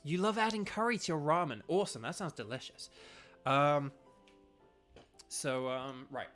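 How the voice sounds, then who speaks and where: A man's voice: on the high side, moderate pace, fairly bright tone, soft background music. A young man chatting casually and rambling while streaming a video game. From United Kingdom. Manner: rambling, filler-heavy, chatty. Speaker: streamer and voice actor. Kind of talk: casual gaming stream chat.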